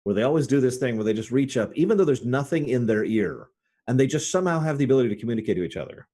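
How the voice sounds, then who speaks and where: A man taking part as a player in a tabletop game, talking in an animated, joking way with frequent restarts. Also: medium pitch, rapid-fire. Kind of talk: tabletop game play over voice chat.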